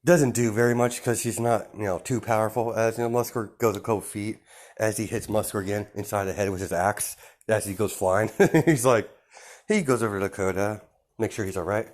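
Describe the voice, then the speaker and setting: A man's voice: lowish voice, fairly quick. A man casually improvising a fan story, rambling with many fillers and restarts.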